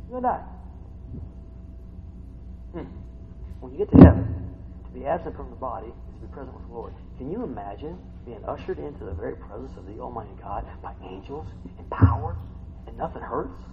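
An older man preaching a sermon, swinging from hushed asides to excited shouts. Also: mid-range voice, brisk, big-room sound, highs cut off, heavy background noise. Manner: animated, swings from quiet to shouting. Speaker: pastor.

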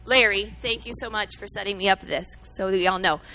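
A woman's voice: medium pitch, steady tone, fairly quick, pushed and bright, poor audio. A middle-aged woman giving an earnest, emotional sermon-style talk, telling a story and teaching from the Bible, calling out to listeners by name. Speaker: speaker at a church gathering.

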